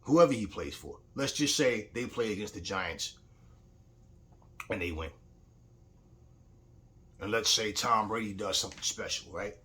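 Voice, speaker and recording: A man's voice: lowish voice, a bit bright. A man talking in a casual opinion vlog as a boxing commentator, telling stories bluntly and heatedly, with frequent swearing.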